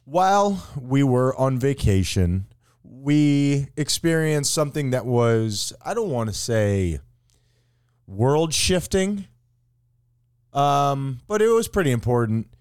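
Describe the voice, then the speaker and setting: A man's voice: slow, clean tone. A man co-hosting a podcast in casual comedic chat, playful and mock-grandiose in his delivery. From Florida, USA. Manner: playful, mock-grandiose, lively pitch swings. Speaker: podcast co-host.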